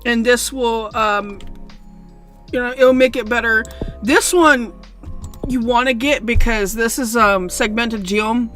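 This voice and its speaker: High, bright young woman streamer. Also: unhurried. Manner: swears often, swings from shouting rage to mumbled explaining. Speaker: streamer playing a strategy game. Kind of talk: casual gameplay commentary. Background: faint background music.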